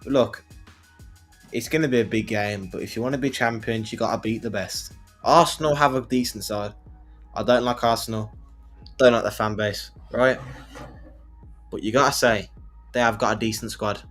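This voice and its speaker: A man's voice: mid-range voice, moderate pace, long pauses, fairly bright tone, soft background music. A man co-hosting a casual football podcast, talking emphatically and repeating himself. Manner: repetitive, emphatic, restarts often. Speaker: podcast co-host.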